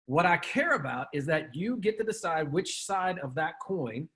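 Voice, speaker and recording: A man's voice: fairly high pitch, lively intonation, moderate pace, bright, forceful tone. A man hosting a casual interview, talking emphatically and bluntly with plenty of swearing and slang. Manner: emphatic and blunt, with frequent swearing and "dude", "bro". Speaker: podcast host.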